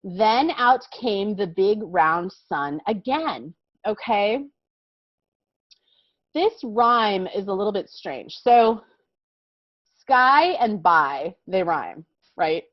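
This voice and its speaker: Brief: American woman, kindergarten teacher, gentle and encouraging, slightly dull lo-fi sound. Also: medium pitch, lively intonation, no room sound. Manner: patient, encouraging, explains slowly with many "okay?" checks. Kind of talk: online vocabulary lesson for young children.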